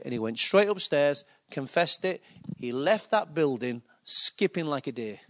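Male preacher, fairly high voice, lively storytelling sermon delivery. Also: normal speed. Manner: animated anecdotal preaching with acted-out quotes.

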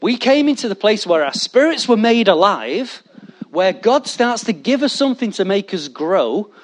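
A man preaching a sermon, animated and jokey, talking straight to his congregation. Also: sits high, normal speed. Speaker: pastor.

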